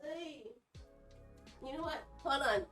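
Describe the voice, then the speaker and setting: A woman's voice: high voice, slow, fairly bright tone, soft background music. A young woman streaming live from her home kitchen, chatting casually with lots of fillers and giggles. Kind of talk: casual live-stream chat while cooking. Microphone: camera on a tripod.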